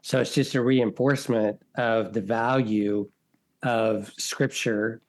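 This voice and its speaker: A man co-hosting a podcast, adding a measured, thoughtful point to the conversation. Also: medium pitch, fairly even intonation. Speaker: podcast co-host. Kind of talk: casual conversation.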